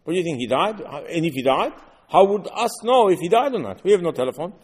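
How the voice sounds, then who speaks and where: Animated man teaching Torah, echoing hall. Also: high voice, fairly quick, breathy edge. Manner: animated, rhetorical questions, quotes verses in Hebrew. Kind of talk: Torah class in English.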